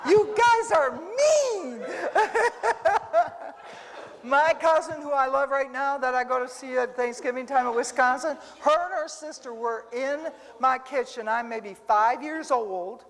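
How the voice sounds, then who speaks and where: A woman's voice: high-pitched, moderate pace, few pauses. A woman teaching a casual sermon full of personal stories, talking straight to her listeners. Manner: animated storytelling, talks to the room. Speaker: Bible teacher. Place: church hall. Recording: reverberant church hall.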